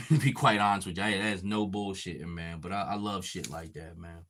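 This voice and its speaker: A man's voice: low voice, fairly quick, a bit bright. A man hosting a casual podcast, chatting loosely and swearing a lot while he paints a figure and reads chat comments. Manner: profane, laid-back, reading chat comments. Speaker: podcast host.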